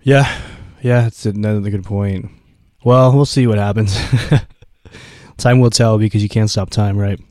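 A man with a sick, hoarse voice co-hosting a podcast in casual, rambling chat. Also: on the low side, steady tone, measured pace, a little mellow, no room sound, clean studio sound. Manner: laid-back, rambling with fillers. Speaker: podcast co-host.

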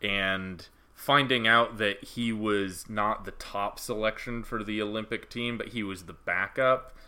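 A man co-hosting a casual review podcast, recapping plot points in a steady, explanatory way. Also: fairly low pitch, measured pace. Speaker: podcast co-host. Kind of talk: casual anime review chat.

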